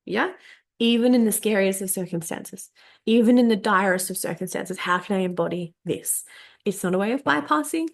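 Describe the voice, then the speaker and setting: A woman coach talks through a motivational workshop with a gravelly edge on her voice. She speaks candidly and swears freely. She leans on repeated words to drive her points home. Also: medium pitch, normal speed. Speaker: energetics coach. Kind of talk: casual motivational workshop talk.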